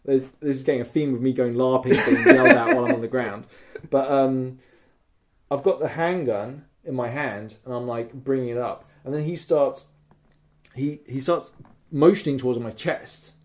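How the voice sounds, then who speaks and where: A man's voice: medium pitch, moderate pace. A man co-hosting a podcast, animatedly retelling a live roleplay event, swearing freely and making gunshot noises. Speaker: podcast co-host.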